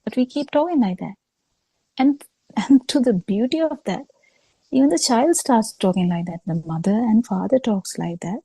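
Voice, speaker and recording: A woman giving a Buddhist talk over a video call, speaking slowly with halting pauses and fillers. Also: on the high side, expressive, vocal fry, mellow, slightly rough, dry recording, poor audio. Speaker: Buddhist teacher.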